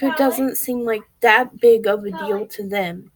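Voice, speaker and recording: A woman's voice: mid-range voice, measured pace, few pauses, dry recording, rough recording. A woman vlogging candidly and earnestly, speaking straight to her viewers. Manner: earnest, open, talks to viewers directly. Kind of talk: candid personal vlog.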